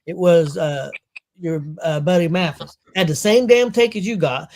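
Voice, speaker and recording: A combative man trading jabs on a casual sports talk show. His voice sits high, and he swears freely and laughs often as he argues. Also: normal speed, a little mellow.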